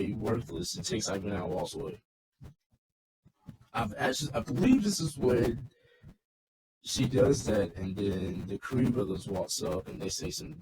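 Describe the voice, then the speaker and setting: A man's voice: on the low side, background noise. A man casually recapping a wrestling show in a loose, rambling, swearing rant.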